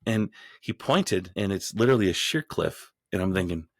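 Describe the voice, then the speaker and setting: A deep-voiced man with a gravelly edge tells his story as a podcast guest. He rambles, doubles back, and restarts his sentences. He gets more animated as the story builds, and the sound is dry with no room around it. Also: moderate pace, no echo. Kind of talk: storytelling in an interview.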